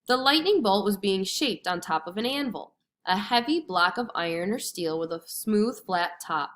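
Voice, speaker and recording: A woman reading a storybook lesson aloud to children with expressive, clear storytelling. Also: mid-range voice, moderate pace. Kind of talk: storybook read-aloud narration.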